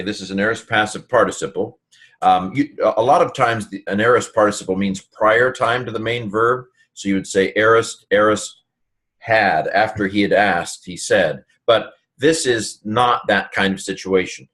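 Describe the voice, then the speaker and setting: A man's voice: fairly low pitch, a bit bright. A man teaching a casual Greek grammar lesson on a Bible passage, talking loosely with many fillers and restarts.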